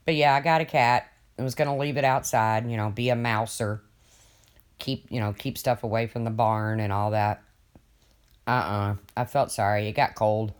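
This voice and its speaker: A man's voice: lowish voice, steady tone, normal speed, smooth. An older man rambling casually to viewers on his livestream, folksy and swearing freely as he reads their comments. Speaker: livestream host.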